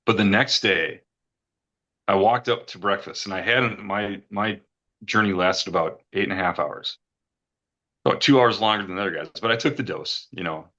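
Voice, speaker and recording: Deep-voiced man telling an emotional story. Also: moderate pace, sharp tone, lo-fi sound. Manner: earnest, rambling, repeats words when moved. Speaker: retreat guest giving a testimonial.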